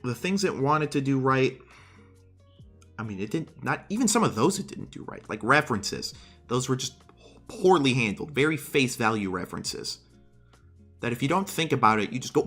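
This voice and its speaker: Lively, bright-voiced young male streamer. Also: mid-range voice, normal speed, pauses often, soft background music. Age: 20s. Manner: animated, exasperated ranting with swearing. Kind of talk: casual livestream commentary.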